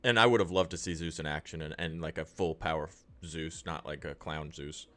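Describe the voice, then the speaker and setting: A man's voice: a bass voice, steady tone, a little fast, pushed and bright. A man co-hosting a podcast, chatting casually and agreeably about a film. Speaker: podcast co-host. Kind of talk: casual film review chat.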